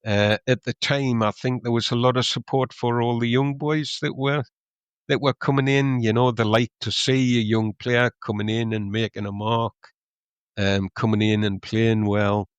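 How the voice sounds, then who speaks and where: A man's voice: mid-range voice, steady tone, normal speed, clear, resonant tone, dry recording, dull audio. A middle-aged man, chatting on a podcast, rambling with lots of ums and restarts. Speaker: podcast co-host, club historian. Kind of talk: casual podcast chat.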